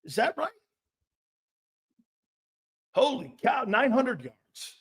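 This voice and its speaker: A man hosting a sports talk stream, brash and profane, reading chat comments and firing back with loud outbursts and mocking asides. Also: very high voice, very animated, takes it slowly, gravelly. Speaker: sports talk show host.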